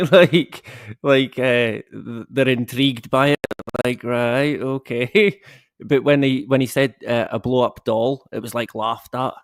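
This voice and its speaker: A man's voice: mid-range voice, fairly even intonation, unhurried, no room sound, clean studio sound. A man chatting as a guest, hesitant and laughing as he tells stories. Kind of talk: casual chat.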